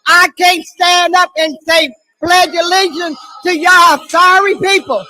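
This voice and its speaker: Shouting high-voiced woman at council meeting. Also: steady tone, measured pace, a little hiss or hum, rough recording. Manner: shouting, repetitive and accusing. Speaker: resident speaking at public comment. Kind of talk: angry protest speech. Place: city council chamber.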